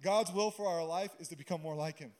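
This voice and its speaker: A man's voice: fairly high pitch, fast talker, a little mellow. A man pastor giving a sermon in a conversational way, with humorous asides and stories.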